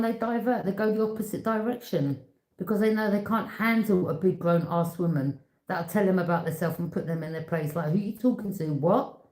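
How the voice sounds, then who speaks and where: A woman's voice: mid-range voice, mellow. A woman giving a casual tarot reading, talking bluntly and with emphasis, repeating herself and speaking straight to the viewer. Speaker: tarot reader. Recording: echoey room.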